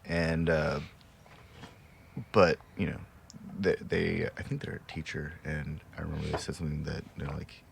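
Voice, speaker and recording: A man's voice: a bass voice, flat delivery, normal speed, vocal fry, slight background noise. A man co-hosting a casual podcast chat, playful and a little hesitant, chuckling often between remarks. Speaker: podcast co-host.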